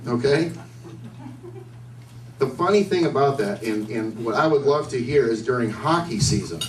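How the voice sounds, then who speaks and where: A man's voice: mid-range voice, animated, normal speed. A man doing a stand-up set at a bar comedy night, with a loose, rambling delivery, often asking the crowd questions. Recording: echoey room, distant mic, faint noise.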